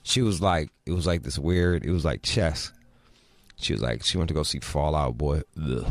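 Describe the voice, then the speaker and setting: A man's voice: extremely low pitch, normal speed, no echo. A middle-aged man co-hosting a casual podcast, talking bluntly with lots of swearing and mimicking people in his stories. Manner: blunt, swears often, mimics voices in anecdotes. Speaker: podcast co-host. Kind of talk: casual profane chat.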